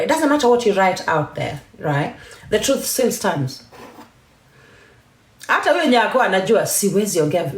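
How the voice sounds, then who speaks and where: A Kenyan woman with a mid-range voice hosts a TikTok live stream in an echoey room, delivering a heated rant. She speaks emphatically and defiantly, mixing English and Swahili.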